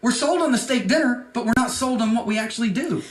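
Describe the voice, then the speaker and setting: A man hosting a talk show, chatting with enthusiasm and jumping in quickly. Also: very high voice, animated, echoey room. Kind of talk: casual chat.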